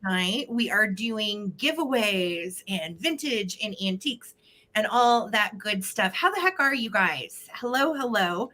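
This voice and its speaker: Bright, bubbly woman hosting a live stream. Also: mid-range voice, lively intonation, unhurried. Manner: bubbly, giggly, chatty. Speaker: host of a live vintage sale stream. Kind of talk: casual live-stream chat. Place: at home.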